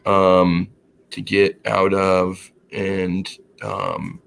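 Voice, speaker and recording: Guy with a low gravelly voice, swearing a lot while telling a story on a chat show. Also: extremely slow. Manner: animated, profane, acts out the quotes. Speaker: co-host.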